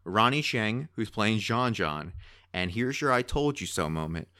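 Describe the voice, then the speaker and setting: A man co-hosting a podcast in casual chat, talking in an excitable, rambling way. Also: on the low side, measured pace, no room sound, studio quality. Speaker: podcast co-host.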